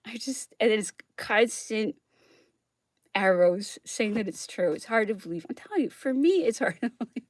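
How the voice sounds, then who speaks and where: A woman's voice: on the high side, lively intonation, normal speed, slight background noise. A woman hosting an astrology show in a casual monologue, chatty, laughing often and keeping her listeners with her by asking "okay?". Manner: chatty, keeps checking in with "okay?"; laughs often while talking.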